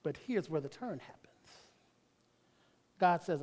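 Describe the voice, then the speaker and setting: A man's voice: on the high side, animated, measured pace, pauses often, darkish tone. A man preaching a sermon as pastor, folksy, breaking off to talk to himself and to the congregation. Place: church sanctuary. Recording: long reverb of a church hall.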